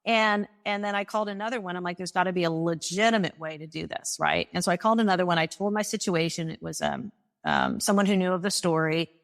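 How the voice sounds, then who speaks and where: A woman guest in a conversation tells a personal story with lots of animation, acting out the dialogue and laughing often. Her voice is fairly low with vocal fry, and she talks fast.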